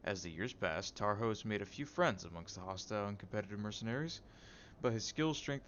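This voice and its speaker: Man, game streamer, deep low voice, reading lore aloud, wry asides, stumbles on names, slightly muffled. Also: fairly bright tone, slight background noise.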